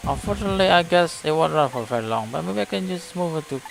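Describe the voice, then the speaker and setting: A man's voice: on the high side, animated, fast, gravelly, rough recording. An Indonesian-accented man reading the lines of a dry, curious male ghost in a game, in a wry, musing way. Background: game music.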